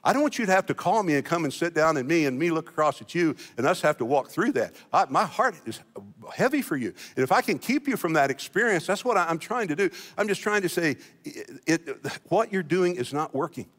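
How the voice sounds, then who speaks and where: A man's voice: a little high, lively intonation, fairly quick, fairly bright tone. A middle-aged man, a senior pastor, preaching a sermon in a church in a folksy, self-deprecating way, often restarting and repeating his words. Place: church sanctuary. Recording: long church hall reverb.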